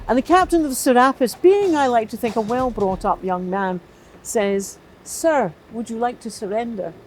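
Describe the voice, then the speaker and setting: A woman's voice: on the high side, darkish tone, slight background noise. A middle-aged woman telling history as comedy, with wry, playful asides in a mock-serious tone. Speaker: comic history guide. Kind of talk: comic historical storytelling.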